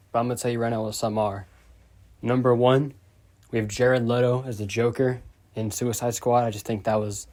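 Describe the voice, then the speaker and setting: A man talks over his screen recording in an unpolished, rambling storytime voice. His pitch sits in the ordinary middle range for a man. He sounds exasperated and swears freely as he rants. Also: darkish tone. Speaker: YouTuber. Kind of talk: casual storytime rant.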